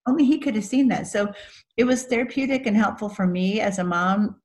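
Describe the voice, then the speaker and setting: Middle aged woman author telling her story all earnest, normal pitch. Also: brisk, a little mellow. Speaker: author guest. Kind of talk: faith-based interview.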